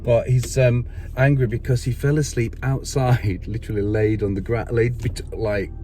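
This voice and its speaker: A man's voice: mid-range voice, steady tone, dark tone, a little hiss or hum. A middle-aged man vlogging, telling a story in a rambling, exasperated way. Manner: rambling, exasperated, quick asides. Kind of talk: casual vlog storytelling.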